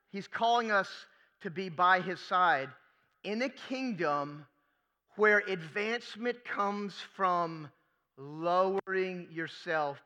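A man's voice: sits high, pushed and bright, highs cut off. A man preaching a sermon as pastor, emphatic, asking rhetorical questions and repeating key phrases.

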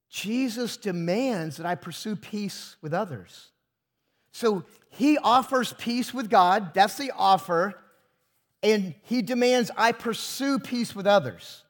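A pastor preaching a sermon to his congregation, emphatic and full of rhetorical questions. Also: high-pitched.

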